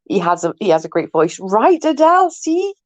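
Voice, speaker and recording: A woman's voice: mid-range voice, sing-song, moderate pace, no room sound, poor audio. A woman chatting casually with her viewers, giggling often and swearing freely.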